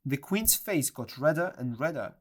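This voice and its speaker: A reader narrating a storybook in a clear, measured delivery. Their pitch moves up and down widely as they go. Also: lively intonation. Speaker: audiobook reader.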